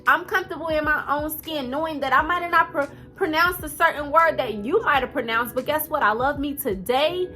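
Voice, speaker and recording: A woman in her thirties with a noticeable twang gives a heartfelt motivational talk straight to her viewers. Her voice sits high and rings bright, and she speaks in a casual, earnest way, with fillers sprinkled throughout. Soft music plays faintly underneath. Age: 30s. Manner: earnest, direct, conversational with fillers. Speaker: vlogger.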